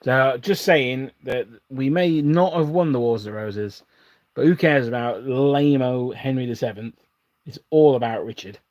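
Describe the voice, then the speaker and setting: A man's voice: medium pitch, measured pace, darkish tone, dry recording, dull audio. Rambling English man chatting on a live stream. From England. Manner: rambling, self-interrupting, chuckling often. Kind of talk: casual live stream chat while building models.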